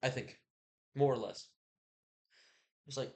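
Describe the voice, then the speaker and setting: A man's voice: mid-range voice, moderate pace, long pauses. A man giving a casual, rambling book recap in a loose, slangy, profane way, full of jokey asides. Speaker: book vlogger.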